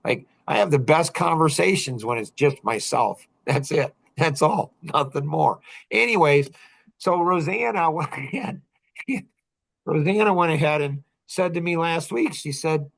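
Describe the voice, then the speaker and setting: A man's voice: on the high side, unhurried, vocal fry. Rambling, chuckling man in his fifties. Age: 50s. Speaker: podcast host. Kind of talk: casual chat.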